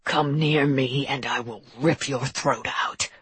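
A woman voicing a snarling male monster with a rasping, whispery growl in a storybook reading. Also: very deep voice, steady tone, takes it slowly, a bit bright, dry recording, voice pushed down, exaggerated voice. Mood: threatening.

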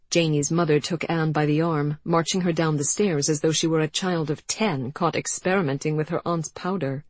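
A woman reading an audiobook in an even, measured storytelling manner. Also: low voice, dry recording. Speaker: audiobook narrator. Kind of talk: scripted narration.

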